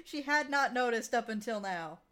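A woman co-hosting a casual comedy podcast, dropping quick wry quips and laughing. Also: fairly high pitch, lively intonation, a bit bright. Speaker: podcast co-host.

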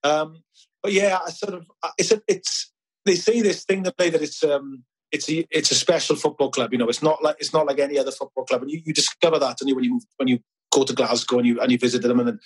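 A man's voice: on the high side, steady tone, fast talker, slightly rough, low-quality recording. A middle-aged man from Wales, a filmmaker guest chatting casually in an interview, telling anecdotes with many restarts.

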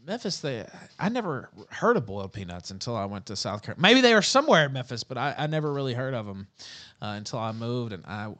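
A man's voice: medium pitch, big pitch swings, quick pace, fairly bright tone. A man from the Southern US with a Southern accent, hosting a podcast in an easygoing way and reading out viewer questions. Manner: easygoing, with filler "uh"s. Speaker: podcast host.

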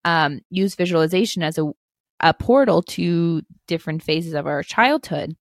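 Gravelly-voiced young woman coach, gentle. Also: on the low side, lively intonation, moderate pace, dry recording, studio quality. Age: 20s. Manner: gentle, reassuring, many "like" fillers. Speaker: spiritual life coach. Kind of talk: podcast interview.

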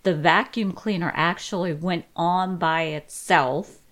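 A woman's voice: on the low side, measured pace, a bit bright. A middle-aged woman, a podcast guest, casually and animatedly retelling spooky stories from her past. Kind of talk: casual storytelling.

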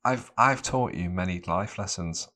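A man's voice: low voice, normal speed, sharp tone. A man hosting a podcast in casual chat, teasing his guest and laughing often. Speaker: podcast host. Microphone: remote call mic.

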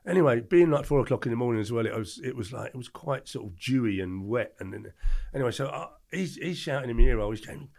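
An older Englishman with a gravelly voice tells his story at a quick clip. He talks casually in an interview and switches into the other people's voices as the story goes. He sounds lively and animated throughout. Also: mid-range voice. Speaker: podcast guest, former doorman.

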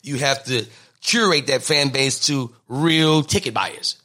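A man, a comedian, telling animated stories in an interview, acting out the people he quotes. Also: medium pitch, measured pace. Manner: lively, acts out quotes in different voices. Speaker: comedian and guest.

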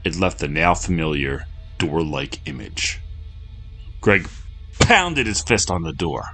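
A man narrating a horror story in a low, measured, steady delivery. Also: faint music behind.

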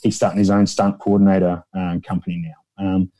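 Aussie bloke rambling through stories, mellow low voice, jumps up high for quotes. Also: male voice, flat delivery, a little fast. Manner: rambling storyteller, acts out quotes in a raised voice. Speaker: guest, founder of an extras agency. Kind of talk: casual interview chat.

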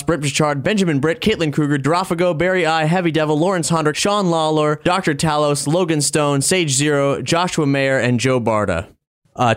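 A man hosting a podcast, casually reading out donor thanks and messages in an upbeat way. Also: fairly high pitch. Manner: upbeat, reads donor messages, laughs easily. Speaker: podcast host.

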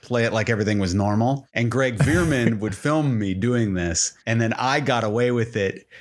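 A man telling stories in a relaxed podcast chat at an even, middle pitch. He jumps into the voices of the people he quotes, and the laughs come easy. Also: moderate pace. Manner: animated storyteller who acts out quotes. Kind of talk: casual chat.

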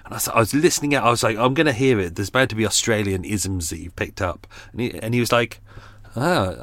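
A man's voice: lowish voice, fairly bright tone, no room sound. A man hosting a podcast, wrapping up a true-crime episode with casual, rambling chat and quiz questions. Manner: chatty, rambling, with asides and laughs. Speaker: podcast host.

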